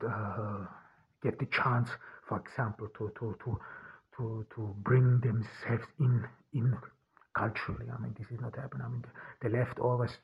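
A man hosting a podcast, talking in a halting way with many restarts and fillers. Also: lowish voice, vocal fry, breathy edge. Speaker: podcast host. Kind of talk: casual monologue. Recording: dull lo-fi audio.

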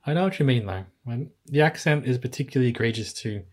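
An Australian woman co-hosting a podcast, measured and gently questioning in a casual film chat. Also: a bass voice, expressive. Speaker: podcast co-host.

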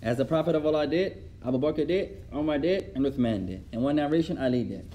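A man leads a religious study class, talking quickly with a slightly raised pitch and a mellow, dark timbre. He tells stories in an animated way and repeats his points for emphasis. A faint hum of background noise sits behind his voice. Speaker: Islamic studies teacher. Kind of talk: religious class lesson with storytelling.

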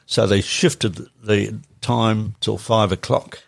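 A man's voice: fairly low pitch, steady tone, slow, vocal fry, no room sound. An older man reminiscing plainly as an interview guest, matter-of-fact. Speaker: podcast guest.

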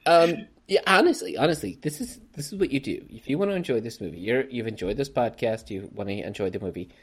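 Animated man hosting a podcast. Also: mid-range voice, fast talker, slightly rough. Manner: animated, rambling, laughs often. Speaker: podcast host. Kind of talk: casual movie review chat.

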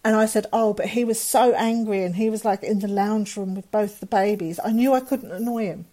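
A woman's voice: medium pitch, fairly even intonation, normal speed, few pauses, darkish tone. A middle-aged woman, a guest telling a personal story in a candid, earnest way with fillers and restarts. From England.

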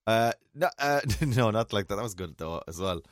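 Lively man telling a story. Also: lowish voice, normal speed, dry recording, studio quality. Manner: storytelling, lively, full of laughs. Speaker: co-host. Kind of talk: casual chat.

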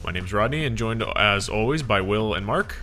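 A man's voice: on the low side, animated, normal speed, sharp tone, faint music behind. A man hosting a video game podcast, chatty and upbeat, laughing easily. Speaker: podcast host. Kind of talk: casual chat.

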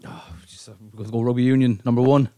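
Relaxed Irish man, hesitant chat. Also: mid-range voice, fast, clean tone, no room sound. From Ireland. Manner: hesitant, laughs often, drifts off mic. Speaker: podcast co-host. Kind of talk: casual banter among friends.

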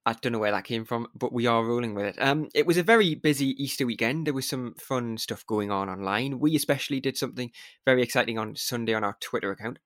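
An upbeat Geordie man from Newcastle chatting as a podcast co-host. His lines come in quick, jokey bursts. The voice sits at a middle pitch and sounds close and dry, with no room around it. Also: a bit bright, dry recording. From Newcastle upon Tyne, England. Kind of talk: casual podcast chat.

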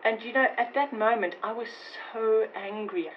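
A woman recounting her past in a recorded interview, halting and emotional, often repeating words. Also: a little high. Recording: dull lo-fi tape with faint noise.

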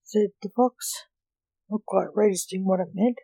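A storyteller reading fiction aloud in a measured, plain way. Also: mid-range voice, gravelly, warm tone, dry recording, low-quality recording.

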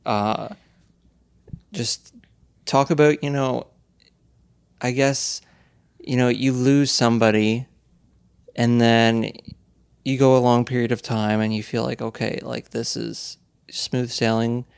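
A young man hosts a casual podcast interview, putting slow, halting questions with plenty of fillers. His gravelly voice is still smooth and resonant, and his delivery stays flat and unhurried. The recording is dry and close. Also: mid-range voice, no room sound. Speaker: podcast host.

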